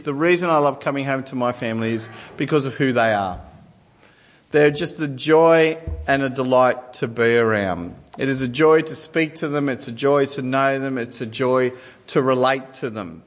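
A man's voice: medium pitch, moderate pace, big-room sound. A man in his forties preaching a sermon, telling family stories with self-deprecating humour. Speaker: pastor.

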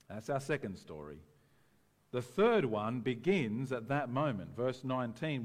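A man preaching a sermon in a conversational, animated way, often acting out the voices of people in the story. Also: medium pitch, long reverb tail. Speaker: pastor.

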